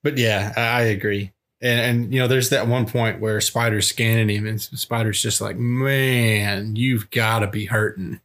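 A man's voice: lowish voice, fairly even intonation, normal speed, few pauses, fairly bright tone. A man co-hosting a casual movie review podcast, laughing often and quoting scenes with gusto. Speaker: podcast co-host.

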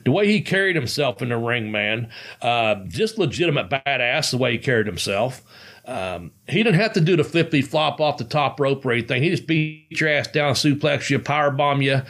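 A man's voice: medium pitch, animated, normal speed, a bit bright. A man hosting a casual podcast, talking loosely and rambling with plenty of swearing. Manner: rambling, profane, loose storytelling. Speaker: podcast host.

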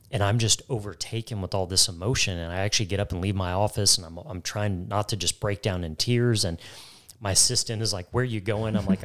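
A man's voice: lowish voice, a bit bright. A man co-hosting a faith talk, telling a personal story earnestly and repeating key phrases for emphasis. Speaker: co-host.

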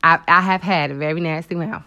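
Hosting a faith talk show, a woman delivers a Christian motivational talk in a deep voice at a slightly fast pace, with a little hiss or hum on the audio. She preaches expressively, emotionally and animatedly, talking conversationally to listeners as "girl" and "honey" and throwing in frequent asides and exclamations to the Lord.

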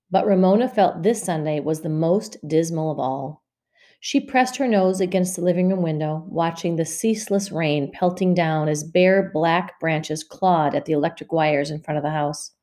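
A woman narrating a children's storybook in an expressive, measured reading. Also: low voice. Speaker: audiobook reader.

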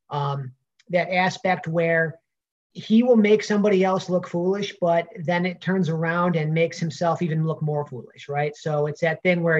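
A man's voice: on the high side, highs cut off. A man with a Brooklyn accent, a pro wrestler answering interview questions in a rambling way with many fillers and restarts.

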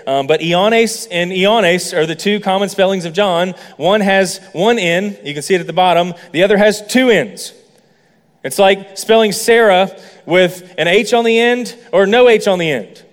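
A man's voice: high-pitched, in a large hall. A man preaching a sermon as a pastor, explaining points with playful asides to the congregation. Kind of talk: sermon teaching.

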